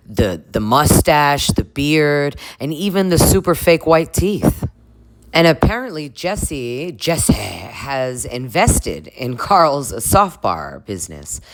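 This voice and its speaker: A woman with an unusually deep voice talks her viewers through a reality show recap. Her delivery swoops and bounces with lively pitch. She laughs often, swears casually and keeps it chatty.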